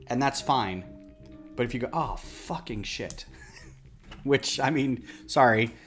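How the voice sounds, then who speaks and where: A man's voice: mid-range voice, slow pace, fairly bright tone, soft background music. A man chatting casually on a livestream while he builds, rambling and self-deprecating. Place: home office.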